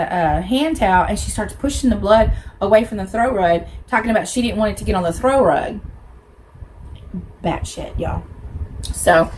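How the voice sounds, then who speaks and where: A woman's voice: medium pitch, a little hiss or hum, rough recording. A woman hosting an eating show, telling a true crime story in a blunt, colloquial way and talking straight to her viewers. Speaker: mukbang host.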